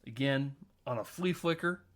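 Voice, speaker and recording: Laughing, animated man recapping a film. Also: mid-range voice, moderate pace. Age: 30s. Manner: animated retelling, laughs often, swears casually. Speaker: podcast host. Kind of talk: casual film recap chat.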